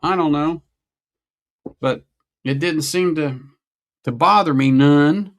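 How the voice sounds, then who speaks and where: A man's voice: fairly high pitch, takes it slowly. A middle-aged man chatting casually on a whiskey-tasting livestream, musing aloud and greeting viewers. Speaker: livestream host.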